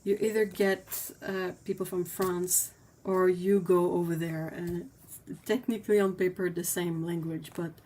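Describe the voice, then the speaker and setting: A woman hosts a casual livestream, her voice sitting a little low. She chats freely and reads viewer comments out loud between her own remarks. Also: steady tone, measured pace, few pauses. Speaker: livestream host.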